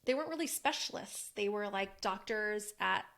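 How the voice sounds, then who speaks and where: A woman in her forties talks through a personal story in a loose, animated way. Her mid-pitched voice carries a gravelly fry, and she keeps dropping "like" as she goes. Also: normal speed. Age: about 40. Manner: chatty, animated, many "like" fillers. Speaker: wellness coach and podcast host.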